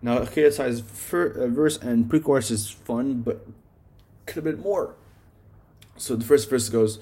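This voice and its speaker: A man's unhurried, mellow, mid-range voice, slightly rough, carries a casual review of his favorite songs, full of rambling, swearing and plenty of "like".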